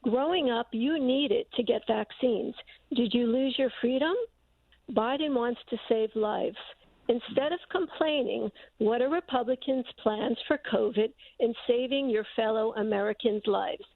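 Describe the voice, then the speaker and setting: Gravelly woman on a tinny line. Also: fairly high pitch, measured pace, no room sound. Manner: pointed questioning.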